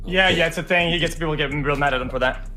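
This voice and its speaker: A man's voice: a little high, racing, sharp tone, soft background music. A man on a stream panel, speaking in a laid-back, joking, blunt way. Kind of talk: casual panel debate.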